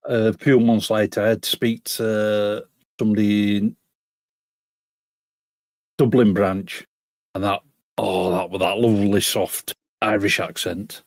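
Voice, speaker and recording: A man's voice: fairly low pitch, flat delivery, unhurried, pauses often, no echo. A middle-aged man, chatting bluntly and swearing as a podcast co-host. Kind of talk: casual chat.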